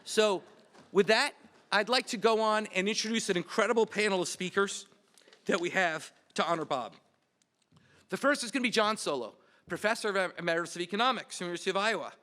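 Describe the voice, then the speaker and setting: A man speaking at a memorial event as host, with a high, bright voice. He tells a long anecdote with light humor before introducing the panel. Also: a little fast. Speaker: department representative and panel host. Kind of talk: memorial speech.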